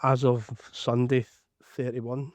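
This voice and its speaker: A middle-aged man with a broad Scottish accent talks casually as a podcast guest. He is chatty and jokes at his own expense. The sound is dry and close, at an average pitch. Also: level tone, takes it slowly, no room sound. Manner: self-deprecating, chatty. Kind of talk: casual chat.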